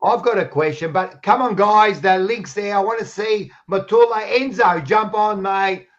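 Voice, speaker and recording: A man's voice: high voice, moderate pace, fairly bright tone, dull audio. A man hosting a casual footy podcast, rowdy and egging on the live chat. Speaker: podcast host.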